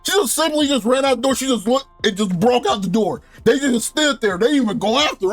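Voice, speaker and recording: Young dude reviewing a show, high voice, cussing n laughing, dry mic, lil music behind. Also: male voice, fast, hardly any pauses, no room sound. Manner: slangy, profane, laughs often, excited recapping. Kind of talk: casual review rant.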